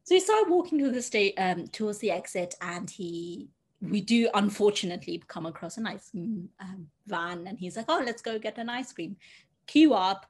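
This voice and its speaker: A young woman telling a dating story in casual podcast chat, animated and quick to laugh. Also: medium pitch, slightly rough. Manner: animated, laughing, acts out dialogue.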